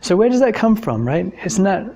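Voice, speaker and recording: A high, warm, sing-song voice belongs to this Englishman, who speaks a little fast with some creakiness. He's giving an informal talk on evidence for God, sharing personal stories thoughtfully and conversationally, with frequent fillers.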